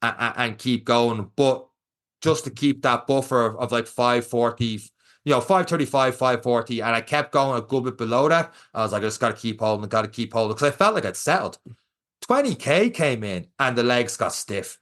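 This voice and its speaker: At normal speed and medium pitch, a young Irish man co-hosts a podcast and tells a race story during casual chat. He's animated, acting out what the people in it said.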